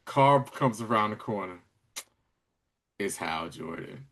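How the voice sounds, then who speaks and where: A man's voice: fairly low pitch, slow. A man co-hosting a podcast, casually recapping a TV episode with slang, laughing and acting out quoted lines. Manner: animated storyteller, acts out quoted lines; slangy, laughs while talking. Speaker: podcast co-host.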